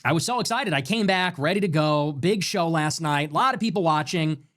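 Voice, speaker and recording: Brash, fast-talking male streamer. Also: fairly high pitch. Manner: animated, emphatic, swears often. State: sick with a fever. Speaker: livestream show host. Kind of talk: ranting livestream monologue.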